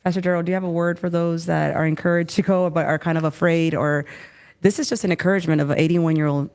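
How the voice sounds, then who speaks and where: Woman in her thirties, low-pitched co-host, emotional and rambling in casual talk. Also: fairly even intonation, quick pace, a little mellow, clean tone. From Rio Grande Valley, Texas. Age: 30s.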